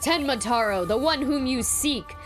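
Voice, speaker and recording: A woman voicing a grandiose male crow demon spirit who caws and booms, with game music behind. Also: expressive, normal speed. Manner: booming, cawing, grandiose.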